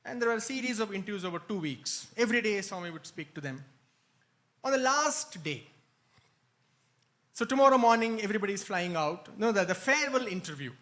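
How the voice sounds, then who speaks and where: A man telling an anecdote at a spiritual retreat, animated and laughing often. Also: high voice, a little fast. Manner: animated storytelling, frequent laughs. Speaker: retreat speaker. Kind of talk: anecdotal talk. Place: hall, live-streamed.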